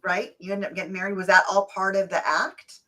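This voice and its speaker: Middle-aged woman host, chatty and animated, mid-range voice. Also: medium pitch, fairly quick. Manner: chatty and animated, acts out quotes. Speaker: podcast host. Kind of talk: casual interview chat.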